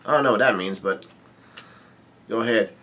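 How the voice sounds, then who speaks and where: A man's voice: fairly low pitch, a bit bright. Male host, casual manga read-through, has a cough, stop-start delivery. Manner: halting, stumbles and restarts often. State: bad cough. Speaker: manga chapter reviewer.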